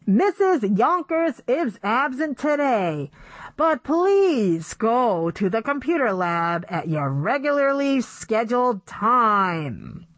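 A woman voicing a school secretary making a bright, official announcement. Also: a little high, sing-song, takes it slowly, dry recording, voice pushed up, full character voice. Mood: announcing.

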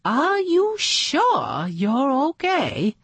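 Brief: woman reading as a poised diva lady dog, higher and lilting, very slow and breathy. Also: wildly swooping pitch, no room sound, heavily acted. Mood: concerned. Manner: grand, theatrical and reassuring. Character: glamorous purple movie-star lady dog, gracious and poised.

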